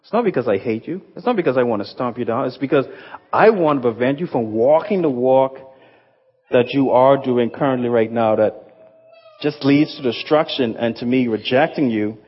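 A man's voice: mid-range voice, expressive, normal speed, husky. A man pastor giving a sermon, reading scripture earnestly and adding casual, emphatic asides. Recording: echoey hall, muffled sound.

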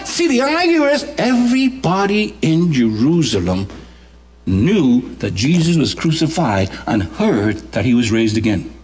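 A man's voice: on the high side, sing-song, unhurried, darkish tone. A Bahamian man preaching a sermon, swinging his voice widely for drama and humor while he explains a scripture passage.

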